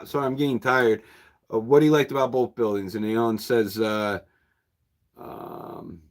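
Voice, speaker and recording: A man's voice: medium pitch, steady tone, a little slow. Easygoing rambling bookshop owner, a man. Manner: rambling, easygoing, chuckles often. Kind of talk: casual livestream chat with viewers.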